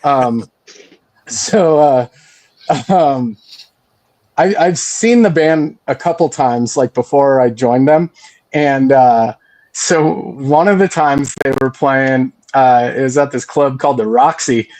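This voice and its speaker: A man who sings in a band, chatting casually in a podcast interview, halting with many fillers and restarts. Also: medium pitch, a little mellow. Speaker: band singer.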